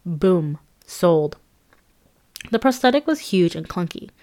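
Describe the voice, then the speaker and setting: A woman reading her own memoir aloud as an audiobook, in a conversational, lively and self-mocking way. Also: fairly low pitch, takes it slowly.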